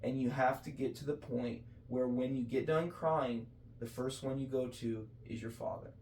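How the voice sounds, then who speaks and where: A man's voice: mid-range voice, fairly even intonation, normal speed, darkish tone, reverberant, distant mic, slight background noise. A man co-hosting a casual faith talk, speaking earnestly and preachily with many restarts and self-corrections. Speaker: podcast co-host.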